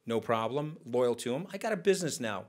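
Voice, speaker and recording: A man tells stories from a conference stage. His delivery is animated and conversational. He slips into other people's voices to act out quotes as he goes. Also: mid-range voice, fairly quick. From United States. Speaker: guest speaker. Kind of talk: onstage storytelling conversation.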